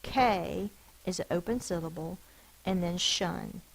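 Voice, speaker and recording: A woman teaching a phonics lesson, slowly sounding out each letter and syllable of spelling words. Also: on the low side, gravelly, rough recording. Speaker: elementary school teacher.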